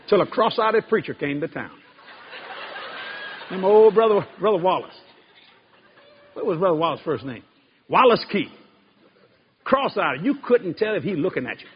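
A man's voice: high voice, expressive, moderate pace, pauses often. A man telling comic church stories to a live crowd, laughing through his words in dialect. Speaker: preacher telling a story. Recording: live, dull sound, loud crowd and noise.

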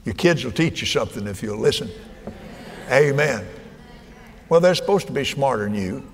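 Folksy preacher in a reverberant hall. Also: male voice, mid-range voice, expressive, normal speed, a little hiss or hum. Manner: folksy, swings from soft murmurs to shouted exhortation. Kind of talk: sermon. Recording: hall reverb, faint ambience.

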